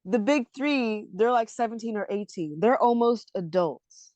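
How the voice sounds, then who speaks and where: Woman, podcast co-host, casual anime chat, emotional and animated, dry close sound. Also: fairly high pitch, a little slow, no echo. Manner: animated, emotional, laughs often.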